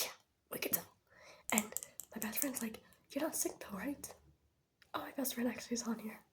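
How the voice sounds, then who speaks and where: A teenage girl who is sick with a sore throat, rambling through a casual story in a soft ASMR whisper. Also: a little high, slight background noise. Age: teens. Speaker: ASMR creator. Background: keyboard tapping.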